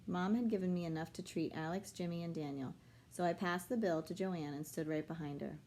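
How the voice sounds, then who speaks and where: A woman reading a children's novel aloud with a low-set voice. She tells the story steadily, switching into the children's voices for dialogue. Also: brisk, darkish tone, slight background noise. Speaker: reader.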